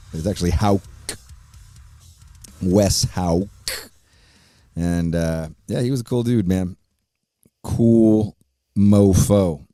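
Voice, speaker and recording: A man with a low, warm voice opens his podcast with a hyped, sing-song greeting. His casual intro monologue rambles loosely, and he swears freely.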